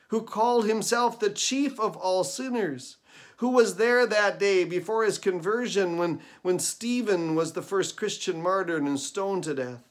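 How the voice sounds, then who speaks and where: Earnest male pastor preaching a sermon. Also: high-pitched. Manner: earnest, emphatic preaching with repetition. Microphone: recorded devotional video.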